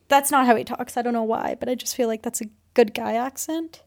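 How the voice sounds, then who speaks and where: A woman's voice: fairly high pitch, steady tone, brisk, creaky. A young woman co-hosting a podcast, telling a dramatic, gossipy story in casual chat and swearing freely. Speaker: podcast co-host.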